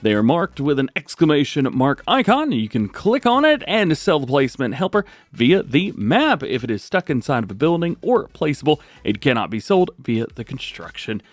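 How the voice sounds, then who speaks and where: Lively, animated man reading game mod notes. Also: medium pitch, normal speed, dry recording. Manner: reads changelogs aloud with wry asides. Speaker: gaming channel host. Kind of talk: mod update rundown.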